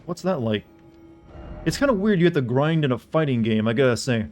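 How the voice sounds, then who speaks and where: A man's voice: medium pitch, expressive, brisk, a little mellow, faint music behind. A man from the American South streaming a game live, chatting loosely and profanely with his viewers. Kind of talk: casual livestream commentary.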